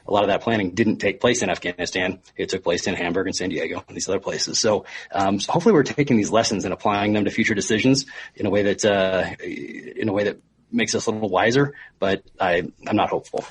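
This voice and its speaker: A man, a former military guest, talking in a casual interview with many pauses and restarts. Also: sits low, a little hiss or hum. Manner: halting, many ums and restarts. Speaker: guest, former Navy SEAL.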